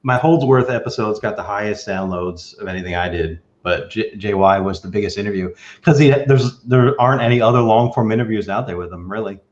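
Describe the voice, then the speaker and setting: A man hosting a podcast, telling stories in a casual, animated way. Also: lowish voice, a little fast, few pauses, lo-fi sound. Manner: animated, acts out quoted lines. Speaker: podcast host. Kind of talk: casual storytelling chat.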